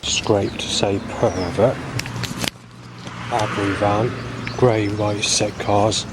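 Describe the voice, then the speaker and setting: A man's voice: lowish voice, steady tone, drawn-out words. Rambling, swearing man in his forties. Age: 40s. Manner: rambling, hesitant, swears often, many fillers. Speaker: vlogger. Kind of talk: rambling spoken video diary. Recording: faint background noise.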